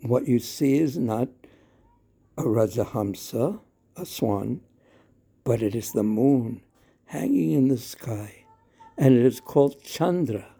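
A man's voice: medium pitch, lively intonation, slow pace, vocal fry, long pauses, warm tone, breathy edge, full character voice. A man doing an affectionate village woman. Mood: coaxing.

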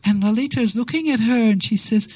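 A woman giving a devotional talk, telling a sacred story with lively acted-out quotes and slow, reverent phrasing. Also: a little high, no room sound, low-quality recording. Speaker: devotional speaker.

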